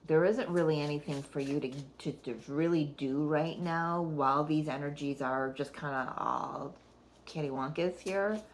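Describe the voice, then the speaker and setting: Deep-voiced middle-aged woman, chatty oracle card reader, meandering, laughing, faint background hiss. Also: normal speed. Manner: rambling, thinks aloud, laughs often. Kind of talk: casual spiritual card reading.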